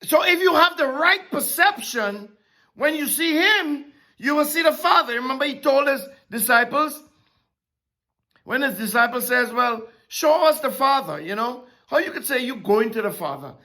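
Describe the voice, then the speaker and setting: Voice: high voice, lively intonation, normal speed, pushed and bright. Bible teacher preaching, swoops up and down a lot, keeps asking the crowd questions. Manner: asks rhetorical questions and repeats key phrases. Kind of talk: sermon-style Bible teaching.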